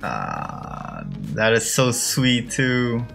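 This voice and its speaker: Emotional young man reacting slowly. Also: mid-range voice, huge pitch swings, vocal fry, a bit bright, soft background music. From Korea. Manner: emotional, gasping and exclaiming. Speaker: YouTube reactor. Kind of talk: reaction video commentary.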